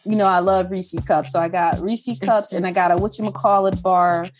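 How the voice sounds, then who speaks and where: A woman telling a childhood story in casual chat as a podcast co-host, acting out quotes in a high voice. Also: fairly even intonation, moderate pace, music in the background.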